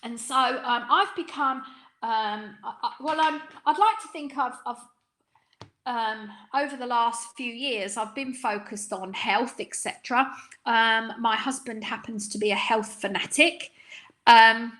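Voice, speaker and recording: Bright, high-voiced middle-aged London woman. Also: unhurried. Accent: London, Cockney undertone. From East End of London. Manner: chatty, frequent ums and tag questions. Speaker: salon business coach. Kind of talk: live webinar talk.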